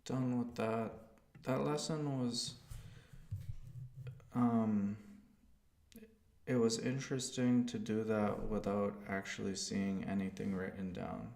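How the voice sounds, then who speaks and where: A man streaming himself learning a language, talking in a slow, hesitant way with fillers. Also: lowish voice, flat delivery, vocal fry, darkish tone. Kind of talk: casual live stream commentary. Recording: roomy echo.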